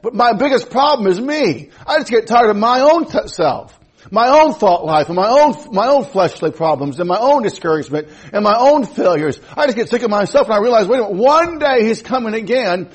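A man's voice: sits high, expressive, fairly quick, husky. A man in his fifties preaching a sermon as pastor, emphatic, repeating his phrases and restarting. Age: 50s.

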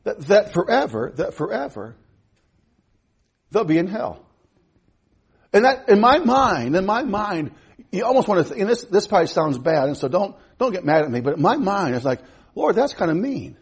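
A man's voice: high voice, very animated, normal speed, pauses often, breathy edge. A man in his fifties preaching a sermon as pastor, emphatic, repeating his phrases and restarting. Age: 50s.

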